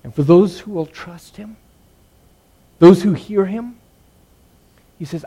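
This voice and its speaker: A man preaching with an earnest, mellow voice that sits a little high for a man. He swings between loud emphatic lines and hushed, quiet ones. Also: lively intonation, slow pace, pauses often. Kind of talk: sermon.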